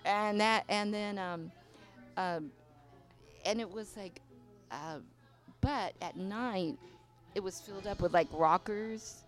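An older woman, a veteran dancer, telling stories in a casual interview, animated and swearing freely, acting out other people's voices. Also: medium pitch, slow. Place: inside a bar venue. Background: faint music.

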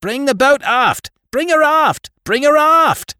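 A man's voice: very high voice, animated, takes it slowly, pushed and bright, no echo, clean studio sound, voice pushed up, full character voice. A man playing a thick-set ship's captain who roars orders at his crew in a frantic, bellowing voice. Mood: roaring.

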